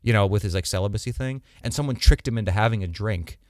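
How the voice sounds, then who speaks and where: A man's voice: fairly low pitch, quick pace, a little mellow, dry recording, clean studio sound. A young man co-hosting a podcast, chatting casually and jokingly, full of slang and fillers. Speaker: podcast co-host. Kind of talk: casual chat.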